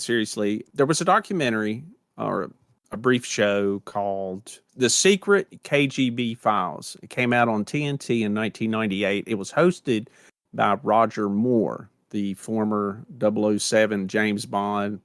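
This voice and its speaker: A man's voice: lowish voice, a bit bright, dry recording, clean studio sound. An American man co-hosting a podcast, chatting casually in a rambling, conversational way with plenty of fillers. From United States. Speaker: podcast co-host.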